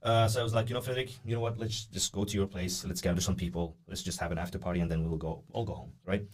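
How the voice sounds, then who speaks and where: A young man rattles off a story at a quick clip in a lowish voice. He tells it casually and loosely, full of fillers, and slips into other people's voices as he goes. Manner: animated, acts out the voices of people in his story; many "uh" and "like" fillers. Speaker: podcast guest.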